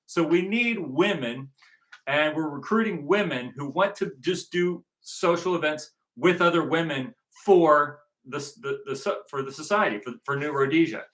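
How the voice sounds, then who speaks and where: A movement organizer from Southern California, speaking in a fairly high, slightly bright voice, delivers a rambling recruitment monologue. He's repetitive, circling back again and again to the same points.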